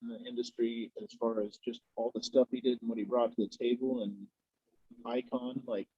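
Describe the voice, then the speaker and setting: A man's voice: mid-range voice, flat delivery, a little fast, breathy edge, no echo, highs cut off. A man guesting on a podcast, chatting casually and telling rambling, laid-back stories while he smokes. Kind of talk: casual chat while smoking.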